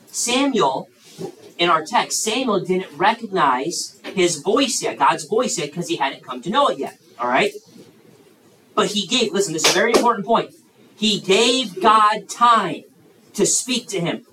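A man with a somewhat high voice preaches to youth campers in a large campground room, asking the children questions and acting out the story's voices with animation. The low-quality recording has an echoey sound, a distant mic, and slight background noise.

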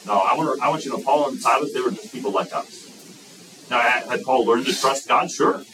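A man preaching a sermon as pastor, lively and emphatic, breaking into excited shouts. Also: mid-range voice, moderate pace, far from the mic, a little hiss or hum, poor audio.

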